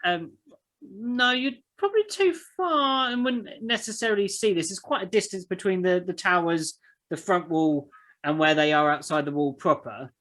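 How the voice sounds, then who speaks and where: A game master describing scenes casually, rambling through halting descriptions with many fillers. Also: mid-range voice, fairly bright tone, rough recording. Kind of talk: casual tabletop game narration.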